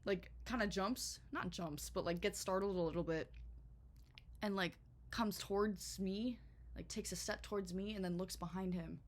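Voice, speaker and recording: A young woman telling a storytime vlog in a chatty, animated way, full of swearing and filler words. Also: mid-range voice, moderate pace. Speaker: vlogger.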